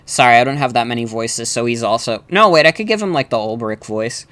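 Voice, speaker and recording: A man's voice: medium pitch, a little fast, hardly any pauses, a bit bright, soft background music. A man giving casual, joking, self-deprecating commentary while streaming a game. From New York.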